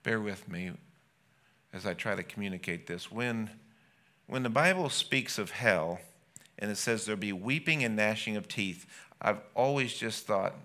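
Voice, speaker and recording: A man's voice: fairly low pitch, normal speed, bright, forceful tone. A man, a pastor, preaching an earnest sermon that builds to impassioned exclamations.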